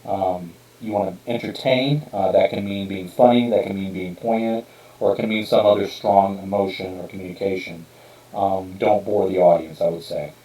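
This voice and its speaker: A man's voice: low-pitched, fairly even intonation, normal speed, dark tone, reverberant, far from the mic, poor audio. A man hosting a podcast in casual talk, rambling with many fillers and restarts as he explains his writing. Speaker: podcast host and author. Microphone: streamed podcast mic.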